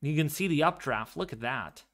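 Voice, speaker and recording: Excited man on a live weather stream. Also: fairly high pitch, moderate pace. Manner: excited, repeats phrases. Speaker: livestream weather host. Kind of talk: live severe weather commentary, reading chat.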